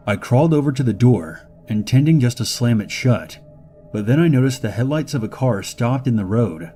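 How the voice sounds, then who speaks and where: A man reading first-person horror stories as scripted narration, measured and slowing down on the eerie details. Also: fairly low pitch, mellow.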